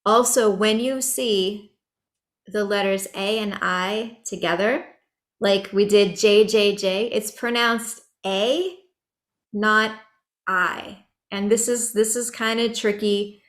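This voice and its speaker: Slow, easygoing woman teaching a class. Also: medium pitch. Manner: relaxed, chatty, laughs easily. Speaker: chanting workshop teacher. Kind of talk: online workshop instruction.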